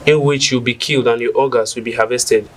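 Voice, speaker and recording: A Nigerian man playing a calm, conflicted young kidnapper guarding his captive. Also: mid-range voice, a little fast, natural voice. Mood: somber.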